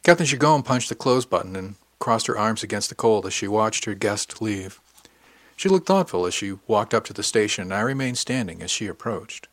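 A man narrating a first-person science fiction story in an even, wry storytelling manner. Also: fairly low pitch, normal speed, dry recording. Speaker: audiobook narrator.

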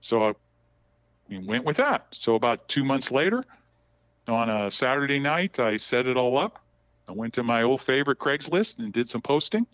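A man giving a candid, halting account of personal events as a podcast guest, often repeating words as he goes. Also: mid-range voice, big pitch swings, a bit bright, no room sound, lo-fi sound. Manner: halting, repeats words while telling a story.

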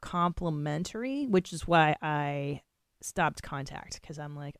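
A woman with a gravelly, fry-laced voice talks candidly and bluntly as a podcast co-host. She swears freely in easygoing chat. The sound is close and dry. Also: sits low, measured pace, dry recording. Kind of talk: casual chat.

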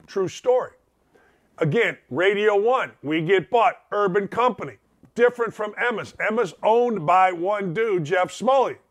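A middle-aged man with a fairly high-pitched voice runs a casual radio monologue. He jokes freely and slips into little acted snippets of dialogue as he talks. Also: a little slow. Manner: animated, joking, acts out quoted voices. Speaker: radio talk show host.

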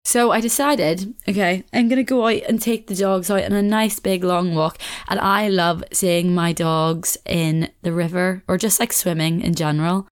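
A woman's voice: on the low side, steady tone, moderate pace, few pauses, clean tone. A young woman with a Belfast accent hosting a casual solo podcast, chatting in a rambling way with frequent laughs. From Northern Ireland. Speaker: podcast host.

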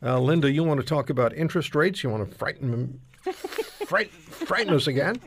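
A man's voice: on the high side, expressive, a little fast. An older man from Canada hosting a casual panel talk show, telling rambling, self-deprecating stories.

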